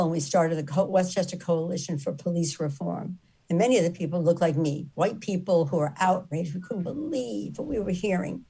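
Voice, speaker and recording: A woman's voice: fairly low pitch, darkish tone. A middle-aged woman telling a story in an earnest, impassioned way, repeating phrases for emphasis. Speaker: activist speaker.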